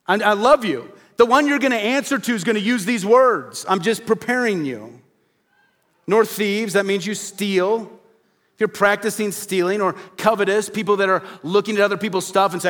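Man, pastor, sermon, high-pitched, earnest, direct, rhetorical questions. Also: moderate pace, a bit bright.

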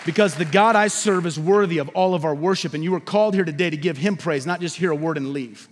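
A man preaching a sermon as pastor in a church, building up to loud emphatic lines and dropping to a hush. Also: on the high side, quick pace, crowd noise, noisy background. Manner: preaching with swelling emphasis and sudden drops to a hush. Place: church sanctuary. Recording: long hall reverb.

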